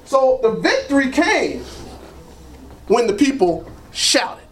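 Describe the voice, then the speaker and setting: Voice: high-pitched, sing-song, slow pace. A preacher giving an emphatic sermon that leads the congregation in call-and-response. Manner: emphatic, repeats phrases, frequent "praise God".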